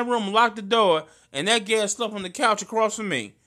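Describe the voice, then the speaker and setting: Tearful high-voiced man telling a story. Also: a little fast, hardly any pauses, bright, forceful tone. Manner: emotional, earnest, slangy storytelling. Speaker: friend in conversation. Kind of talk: casual heartfelt conversation.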